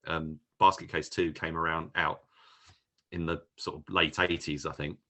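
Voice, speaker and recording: A man's voice: extremely low pitch, little pitch movement, moderate pace, bright, forceful tone. A man co-hosting a film podcast, chatting casually and rambling with many restarts. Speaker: podcast co-host. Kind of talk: casual film review chat.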